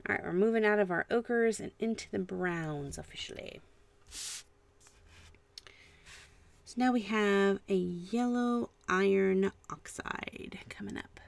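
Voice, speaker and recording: Woman, unhurried chatty live-stream host, gravelly edge, murmured asides while painting at home. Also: mid-range voice. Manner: chatty, musing aloud while painting, soft trailing asides. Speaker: art channel host.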